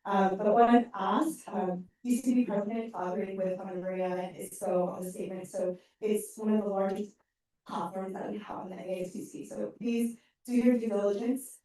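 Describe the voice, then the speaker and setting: A woman's voice: medium pitch, fairly even intonation, moderate pace, dark tone. A young woman serving as student government president, speaking firmly and emphatically to a meeting. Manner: firm and emphatic, urging listeners. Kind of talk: formal meeting remarks. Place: large meeting hall. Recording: echoey room from far off.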